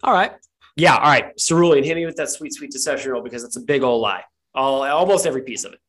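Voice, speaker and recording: A man running a tabletop game as game master, narrating in a relaxed, joking way with many fillers. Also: mid-range voice, quick pace.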